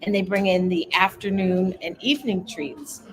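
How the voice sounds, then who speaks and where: A middle-aged woman co-hosting a casual travel livestream, chatting warmly with viewers by name and rambling through small details. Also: lowish voice, moderate pace, a crowd in the background, rough recording. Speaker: cohost of a cruise travel livestream. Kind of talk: casual live chat reading viewer comments.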